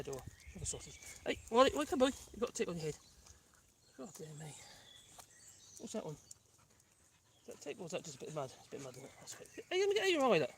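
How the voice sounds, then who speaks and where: This dog-walking vlogger's voice sits high with a fairly bright tone, and there's a bit of hiss or hum. He rambles casually while hiking a rural path outdoors, frequently calling to his dogs and laughing.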